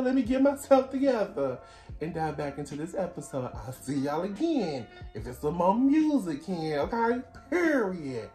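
A man hosting a casual reaction video, talking in an excitable, gushing, slangy way. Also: high-pitched, moderate pace, faint music behind. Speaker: reaction channel host.

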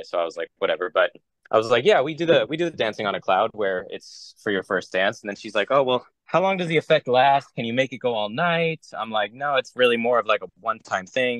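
This wedding DJ's voice sits on the lower side, a little bright, and he talks fast. Acting out each exchange from both ends, he spins a meandering, fed-up tale for a laid-back round-table show, heard on a low-quality recording with no echo.

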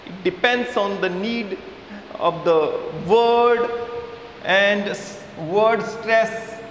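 A man with an Indian English accent gives a video English lesson in a fairly high voice. He speaks slowly and with emphasis, repeating key words so the students catch them. The room is echoey, with a faint hiss in the recording. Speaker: English teacher.

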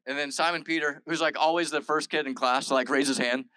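A man's voice: a little high, fairly even intonation, quick pace, few pauses, bright, forceful tone, no room sound, rough recording. A male pastor giving a casual, conversational sermon, retelling scripture in everyday modern speech with lots of "like" and "all right". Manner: chatty and informal, full of "like" and "all right".

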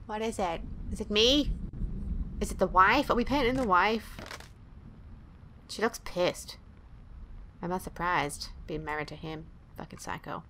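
A woman's voice: medium pitch, measured pace, long pauses, sharp tone, a little hiss or hum. A woman hosting a let's play, giving casual gameplay commentary with blunt, profane jokes and frequent giggling.

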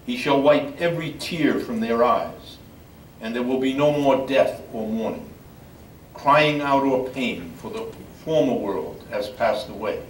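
An older man, a priest, reading scripture in a measured, solemn way at a memorial service. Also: medium pitch. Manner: measured solemn reading, halting when speaking freely. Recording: echoey room from far off, faint background noise.

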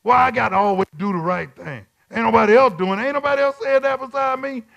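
A man preaching at Bible study as a bishop, repeating his lines in call-and-response and swinging from quiet talk to shouts. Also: very high-pitched, quick pace, vocal fry, dull audio.

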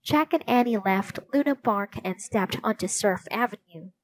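A woman reading a children's storybook aloud in slow, clear narration. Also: medium pitch, animated. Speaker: storybook reader.

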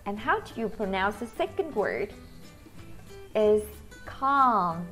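A woman with a Vietnamese accent teaching English pronunciation to children, slowly drawing out each vowel sound. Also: mid-range voice, sing-song, soft background music. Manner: slow, sing-song teacher talk, drawing out vowel sounds.

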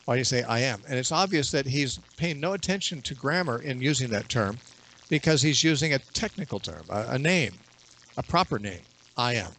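Male bible teacher, radio guest, steady explanatory delivery, mid-range voice. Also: mid-range voice. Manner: explanatory, measured, quotes scripture at length. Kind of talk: radio interview.

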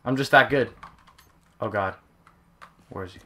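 A young man commenting over his own gameplay, excitable and often yelping and exclaiming. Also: medium pitch, a little slow. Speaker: gaming channel host.

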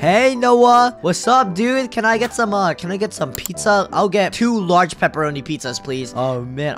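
Excitable young man voicing roleplay. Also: high voice. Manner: excitable, jumpy exclamations. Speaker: host roleplaying as his character. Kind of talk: casual roleplay commentary.

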